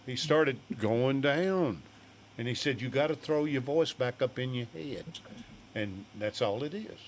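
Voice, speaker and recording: Older man, animated storyteller, acts out voices, guest singer. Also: mid-range voice, unhurried, slight background noise. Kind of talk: storytelling in a studio chat.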